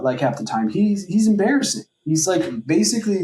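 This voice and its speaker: A man's voice: mid-range voice, sing-song, normal speed, few pauses, a little mellow. Rambling man in an echoey room. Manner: rambling, heavy on filler words, profane. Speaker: podcast co-host. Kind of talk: casual chat.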